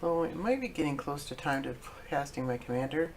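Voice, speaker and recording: A man streaming a card game, talking casually to himself as he plays, halting often with fillers and self-corrections. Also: a little high, lively intonation, slight background noise. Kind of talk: casual thinking-aloud commentary.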